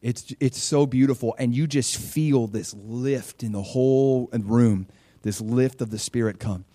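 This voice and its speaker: A middle-aged male pastor preaching a sermon, lively and conversational, with frequent stammering restarts. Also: mid-range voice, unhurried, no room sound. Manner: animated, stammering restarts, acts out voices in stories.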